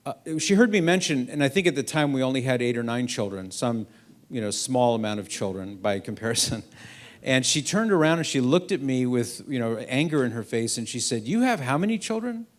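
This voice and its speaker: A middle-aged man giving a storytelling talk to a school audience, acting out the quoted voices in his anecdotes. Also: mid-range voice. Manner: animated anecdote-telling, acts out quoted voices. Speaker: guest speaker. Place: school event hall.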